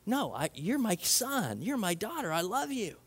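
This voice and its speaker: A man voicing God as a tender heavenly father, speaking softly and reassuringly. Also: high-pitched, very animated, normal speed, breathy edge, heavily acted.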